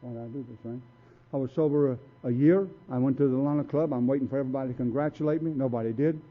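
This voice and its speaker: Speaking very fast in a mid-range voice, this man shares his personal history at a recovery meeting. His telling is streetwise and blunt, with other people's lines acted out, all captured on thin, phone-like audio.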